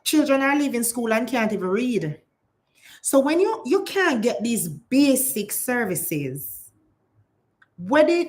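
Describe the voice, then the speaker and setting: A woman with a Jamaican accent giving impassioned vlog commentary, switching between patois and standard English. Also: fairly high pitch. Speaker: political commentator.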